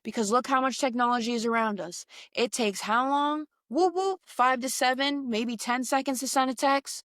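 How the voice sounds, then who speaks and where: Young woman podcast host, blunt and slangy, mid-pitched voice, dry close sound. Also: moderate pace, no room sound. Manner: blunt, animated, slangy and conversational. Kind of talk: casual solo podcast monologue.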